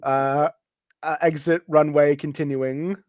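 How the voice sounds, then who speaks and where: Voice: mid-range voice, fairly even intonation, slow, darkish tone, no echo. A host reading a script aloud with commentary, laughing often and stumbling over words. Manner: giggly, with frequent laughs and stumbles.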